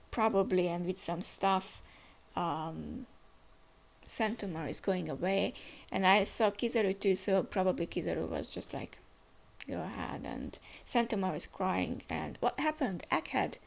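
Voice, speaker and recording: Sex: woman. Role: manga reaction host. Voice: gravelly with vocal fry, lively intonation. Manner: chatty, musing, hesitant. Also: on the low side. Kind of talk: casual manga reaction commentary.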